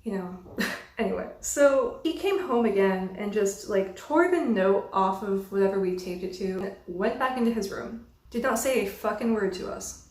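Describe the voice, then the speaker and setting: A young woman vlogger telling a storytime about a bad roommate, exasperated and animated, swearing freely. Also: mid-range voice, normal speed. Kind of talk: casual storytime monologue. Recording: roomy echo.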